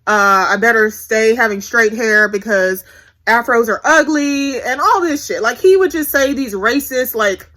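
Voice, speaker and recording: A woman's voice: fairly high pitch, unhurried, bright, forceful tone. A woman in her twenties telling a candid, profane story to her viewers in a blunt, chatty vlog. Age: 20s. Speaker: vlogger.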